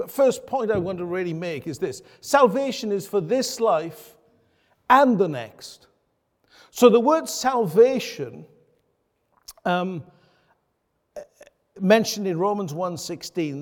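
A man's voice: high-pitched, long reverb tail. A man pastor preaching a sermon, earnest and emphatic, asking his congregation rhetorical questions.

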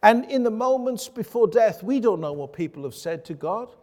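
A male pastor delivers a sermon in a high, carrying voice, earnest and emphatic. He leans on rhetorical questions to press his points home to the congregation. The sound rings with a long reverb, as in a large church hall. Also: expressive, moderate pace, darkish tone.

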